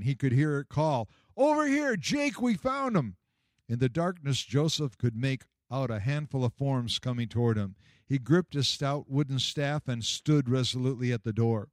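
A man narrating a Christmas story in a measured, expressive storybook reading. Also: medium pitch, dry recording, clean studio sound.

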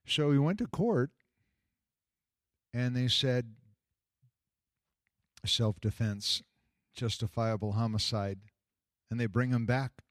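An older man, a pastor, telling a personal story in an emphatic, repetitive way, his voice climbing high on the points he stresses. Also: slow pace, long pauses, no room sound, studio quality. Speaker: pastor and jail chaplain.

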